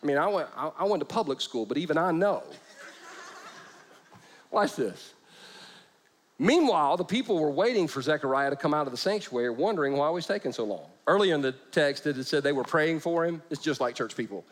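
A man's voice: a little high, expressive, a little fast, slight background noise. A man preaching a humorous sermon, joking as he retells scripture. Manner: playful, joking, acts out scripture with voices. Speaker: pastor.

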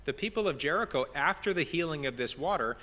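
A man's voice: a little high, expressive, fast talker, bright, forceful tone, in a large hall. A man preaching an expository sermon as pastor, earnest and building emphasis on key phrases.

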